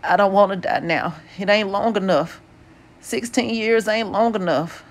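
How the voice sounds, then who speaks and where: A woman voicing a weak, frightened teenage boy lying hurt in a hospital bed, speaking quietly and shakily. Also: mid-range voice, a little slow, pitched above the performer's own voice. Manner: quiet, strained and shaky.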